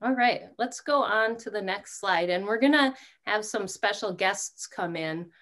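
A woman presenting an online workshop over a video call, talking in a relaxed way with many fillers. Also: medium pitch, measured pace.

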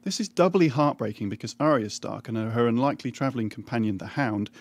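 A man's voice: mid-range voice, quick pace. Wry man narrating a comic recap. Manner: wry, irreverent, deadpan asides. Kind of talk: scripted comedic recap narration.

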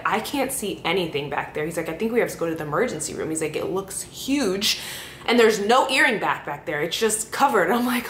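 A young woman vlogging casually to camera, telling stories in a chatty way with lots of "like" and acted-out quotes. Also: fairly bright tone. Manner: chatty storytelling, many "like"s, acts out quotes. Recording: echoey room with faint rumble.

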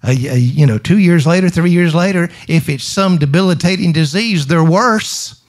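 Speaking at a moderate pace in a slightly high voice, a middle-aged man gives an emphatic sermon. He throws out rhetorical questions, repeats phrases, and calls on the congregation to reply.

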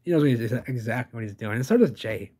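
A man talking through a video in casual reaction commentary, rambling and enthusiastic. His voice sits at an ordinary middle pitch, chatty and loose as he points things out. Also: lively intonation, quick pace, mellow, breathy edge. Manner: rambling, enthusiastic, says "baby" and "folks".

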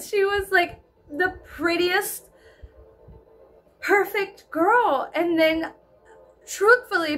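A woman's voice: sits high, a bit bright. A woman vlogger with a Texan accent telling a rambling, giggly storytime, saying "like" constantly. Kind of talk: casual storytime.

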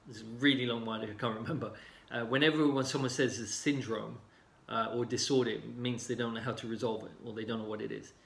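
A man in casual talk, explaining calmly with many fillers and sometimes acting out other people's lines. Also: medium pitch, quick pace, vocal fry, few pauses. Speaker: healing coach. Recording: roomy echo.

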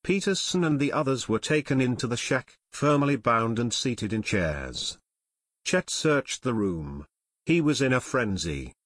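A man narrating an audiobook in a steady storytelling manner, recorded close on a studio mic. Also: medium pitch, unhurried, no room sound. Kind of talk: scripted narration.

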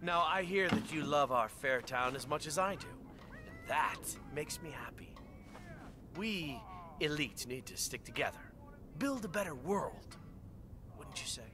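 An actor playing a smug, corrupt politician who speaks in a smooth, oily, condescending way and makes open threats. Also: male voice, fairly high pitch, lively intonation, unhurried, music in the background. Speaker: villain politician. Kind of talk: game voice acting.

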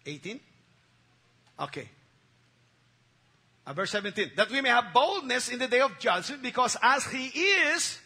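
A man's voice: very high-pitched, sing-song, unhurried, pauses often, sharp tone, breathy edge. A man preaching a sermon, repeating key phrases and calling on the congregation to respond. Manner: emphatic call-and-response preaching with repetition. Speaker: pastor.

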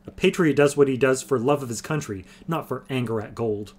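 A man's voice: mid-range voice, fairly quick, a little mellow, natural voice. A man voicing a fiery, idealistic young male patriot in a fantasy audiobook reading. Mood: fervent. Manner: intense, hot.

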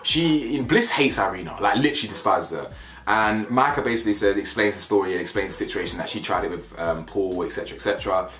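A young British man giving blunt, slangy commentary on a reality show, animated and laughing at his own jokes. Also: lowish voice, fast talker. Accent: British, with urban slang. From United Kingdom. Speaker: reality TV reviewer. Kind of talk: casual opinionated commentary. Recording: roomy echo, faint music behind.

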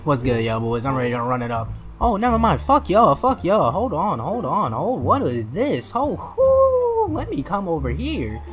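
A man giving live gameplay commentary, trash-talking and swinging between loud, hyped outbursts and low mutters. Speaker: gaming streamer.

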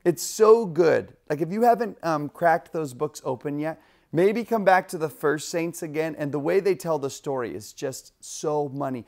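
Gravelly man teaching with enthusiasm. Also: on the high side, moderate pace, a little mellow. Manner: casual and enthusiastic, acting out stories, laughing often. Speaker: religion teacher. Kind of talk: animated lesson storytelling.

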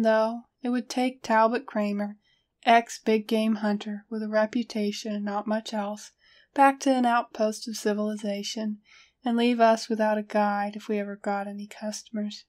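A woman reading a first-person story aloud as a narrator, steady storytelling. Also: medium pitch. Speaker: audiobook narrator.

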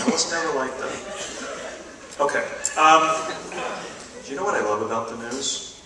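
A man's voice: medium pitch, normal speed, long pauses, heavy background noise. A man doing a stand-up comedy set, ranting with mock outrage and a lot of profanity. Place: live comedy venue. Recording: echoey room, distant mic, loud audience.

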